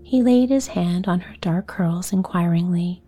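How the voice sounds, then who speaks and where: A woman narrating a bedtime story in a soft, half-whispered, soothing way. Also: on the low side, slightly rough, soft background music. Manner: soft, slow, partly whispered. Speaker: podcast host, bedtime story reader.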